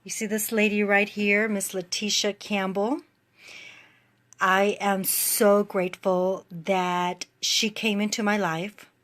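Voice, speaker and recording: A woman's voice: mid-range voice, level tone, slow pace, fairly bright tone. A woman fitness coach speaking to viewers in a casual live video chat, emotional, tearful and laughing as she talks.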